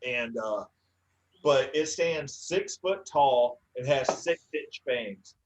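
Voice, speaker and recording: A man's voice: mid-range voice, takes it slowly, a little hiss or hum, rough recording. A man doing a stand-up comedy set, telling stories in a dry way with frequent "uh"s. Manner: dry storytelling with filler "uh"s.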